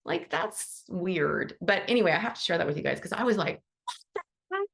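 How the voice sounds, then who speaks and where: A woman's voice: lowish voice, expressive, brisk, creaky, a bit bright. A woman who teaches animal Reiki, hosting a casual support call, chatty and encouraging as she acts out bits of dialogue. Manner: motivational, affirming.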